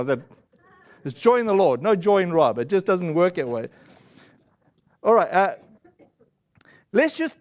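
A man preaching in a high voice, chatty and loose, with frequent restarts as he acts out what his listeners might say. The recording sounds somewhat dull and lo-fi. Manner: conversational, with many restarts and acted-out quotes of congregants. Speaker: pastor. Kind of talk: sermon.

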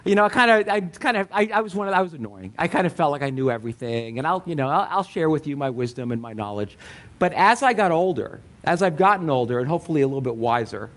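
A man's voice: a little high, expressive, fast talker, a bit bright. A middle-aged man preaching a sermon as pastor, conversational and playful, with frequent asides.

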